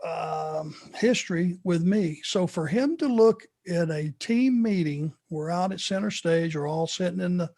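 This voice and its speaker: A man's voice: high voice, unhurried, few pauses, a little mellow. An older man telling wrestling stories in a casual chat, laughing as he goes. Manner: laughs through his stories. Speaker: former wrestler answering fan questions. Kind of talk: casual storytelling.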